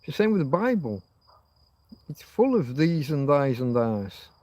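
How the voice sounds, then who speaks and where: Rambling as host of a casual livestream chat, a middle-aged Yorkshireman lets his musings wander from thought to thought in a Yorkshire accent. He sounds very animated, with a fairly high pitch and dark tone, a little slow, recorded without echo.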